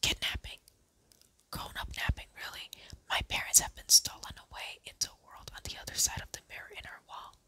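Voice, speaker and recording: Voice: brisk, bright, forceful tone, close to an everyday voice. A reader voicing a determined young girl who tries to sound grown-up, in a whispered role-play. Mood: earnest. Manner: earnest, trying to sound grown-up.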